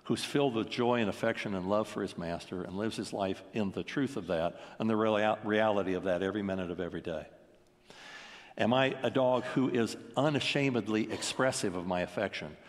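Earnest preacher man with hall reverb. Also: fairly low pitch. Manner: earnest, asks many rhetorical questions. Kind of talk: sermon.

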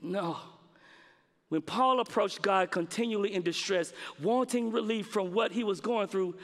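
A man delivers a sermon in a high, bright voice. He leans on dramatic pauses and repeats key lines for weight. Long reverb from a large hall trails every phrase. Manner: preaching with dramatic pauses and emphatic repetition. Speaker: preacher.

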